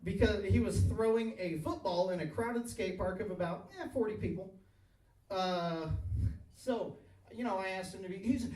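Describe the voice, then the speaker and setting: A high-pitched man in his thirties rambles through a crude stand-up routine and keeps chuckling at his own punchlines. His voice rings around an echoey bar and sounds picked up from a distance. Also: moderate pace, a little mellow, faint music behind. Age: 30s. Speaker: stand-up comedian. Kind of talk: stand-up comedy set. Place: bar stage, live audience. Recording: echoey bar recorded from afar.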